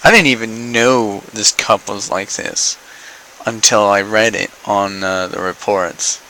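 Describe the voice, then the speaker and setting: A man's voice: on the low side, steady tone, measured pace, pushed and bright, a little hiss or hum, low-quality recording. A young man ranting in an opinion vlog, exasperated, sarcastic and profane. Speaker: vlogger.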